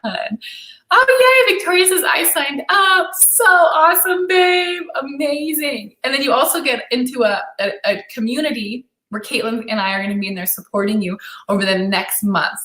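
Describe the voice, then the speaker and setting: A woman's voice: medium pitch, fairly bright tone. A young adult woman coaching on dating during a live-stream Q&A, enthusiastic and encouraging as she reads viewer comments aloud. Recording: echoey room.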